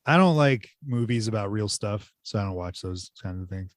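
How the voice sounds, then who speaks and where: A man's voice: on the low side, expressive, normal speed, no room sound, clean studio sound. A man co-hosting a podcast in casual chat, blunt and joking with crude quips. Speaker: podcast co-host.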